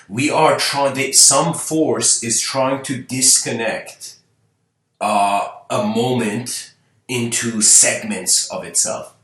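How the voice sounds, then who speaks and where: A man's voice: medium pitch, fairly bright tone, roomy sound, rough recording. A man giving an unscripted spiritual talk, musing aloud and full of rhetorical questions. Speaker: spiritual lecturer.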